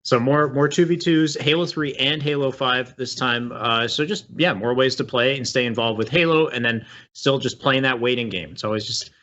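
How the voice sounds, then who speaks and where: A man's voice: mid-range voice, normal speed, few pauses, pushed and bright. A man hosting a casual esports news show, talking in a laid-back way with lots of fillers and restarts. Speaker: show host. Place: home setup on a voice call. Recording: dull lo-fi stream audio.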